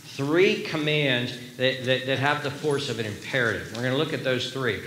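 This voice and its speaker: A man's voice: mid-range voice, moderate pace, fairly bright tone, slight background noise. Emphatic male pastor in echoey sanctuary. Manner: earnest, emphatic preaching with repeated phrases. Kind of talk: sermon. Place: church sanctuary. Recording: echoey room, faint ambience.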